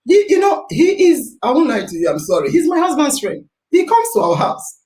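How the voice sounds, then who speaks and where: Nigerian female host, high and very animated, laughing and exclaiming, pidgin mixed in, echoey room. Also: a little fast. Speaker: podcast host. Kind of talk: animated storytelling and live chat. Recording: roomy echo.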